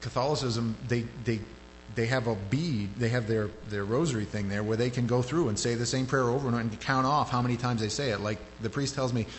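A man delivering a casual, conversational sermon at an average pitch, his voice climbing high and loud whenever he gets worked up. The sound carries a long hall reverb, with a faint hum underneath. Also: fairly quick, few pauses. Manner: conversational, rises sharply when animated. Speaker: pastor.

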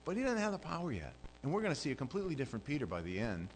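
A man preaching a sermon as pastor, telling the story with animated swings between loud, fervent passages and hushed asides. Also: mid-range voice, racing, slight background noise, poor audio.

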